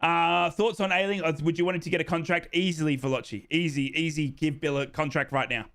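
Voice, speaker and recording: Chatty Australian man with a high voice. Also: steady tone, fast, fairly bright tone. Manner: chatty, jokey, repeats himself, says "mate". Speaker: football watchalong streamer. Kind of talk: live stream chat, reading fan comments.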